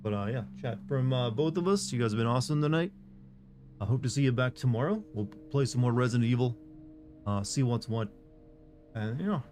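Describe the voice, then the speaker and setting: A man's voice: medium pitch, fairly quick, soft background music. A young man streaming a video game, chatting casually and rambling with lots of fillers. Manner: rambling, relaxed, frequent fillers. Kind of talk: casual live-stream chat.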